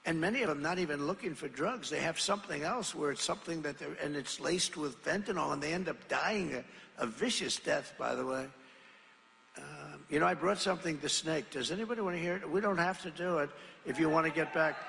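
Gravelly, forceful man addressing a rally. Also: a little high, slight background noise. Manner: rambling, asks the crowd questions, shouts. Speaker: political speaker. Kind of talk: rally speech. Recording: reverberant large venue.

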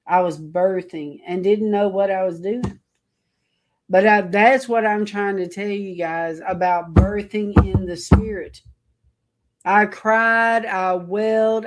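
A woman preacher giving an informal sermon to an online audience, telling a rambling story in an earnest way. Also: medium pitch.

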